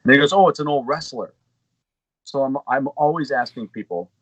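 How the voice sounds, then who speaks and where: A man's voice: mid-range voice, fairly quick, fairly bright tone, breathy edge, dry recording, rough recording. A middle-aged man co-hosting a gaming podcast, telling long rambling anecdotes in casual chat. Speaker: podcast co-host.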